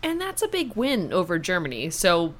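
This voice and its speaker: A woman co-hosting a sports news chat, talking through headlines in a relaxed, conversational way. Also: lowish voice, normal speed. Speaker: co-host of a sports news show.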